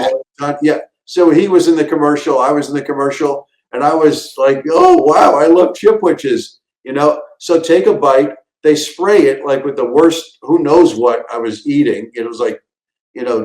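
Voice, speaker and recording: A man's voice: a little high, a little mellow, echoey room, rough recording. A man, a comedian guest, telling casual stories and acting out quotes and sound effects. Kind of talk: casual storytelling.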